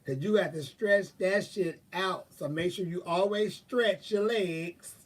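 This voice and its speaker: A man's voice: high voice, unhurried, distant mic. A man hosting a livestream, chatting with viewers and telling sassy, profane stories through bursts of laughter. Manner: gives frank advice to viewers. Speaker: livestream host. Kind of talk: casual storytelling chat.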